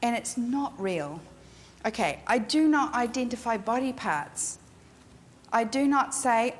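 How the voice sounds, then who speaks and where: A woman's voice: a little high, unhurried. A middle-aged woman photographer teaching a workshop in her studio, speaking frankly and emphatically. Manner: frank, emphatic, animated storyteller. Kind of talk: instructional talk to a class. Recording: long hall reverb with faint noise.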